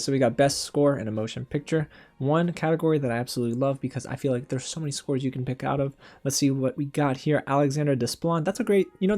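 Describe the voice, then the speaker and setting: A young man hosting a casual film reaction show, animated and exasperated, talking straight to his viewers. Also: medium pitch. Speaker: film critic and channel host.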